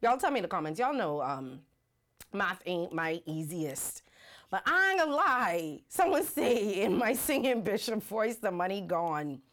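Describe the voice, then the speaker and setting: A woman's voice: medium pitch, a little slow. A woman hosting a casual livestream, talking animatedly and reading out viewer comments. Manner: animated, rhetorical, reads viewer comments aloud. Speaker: livestream host. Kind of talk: casual live-stream commentary.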